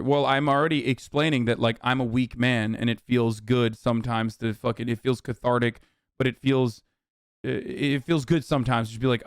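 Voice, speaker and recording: A man hosting a live stream, ranting sarcastically and swearing freely as he reacts to chat. His voice is smooth and resonant at a middle pitch. The sound is close and dry, with no room echo. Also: level tone, normal speed. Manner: profane, heated, sarcastic. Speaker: livestream host.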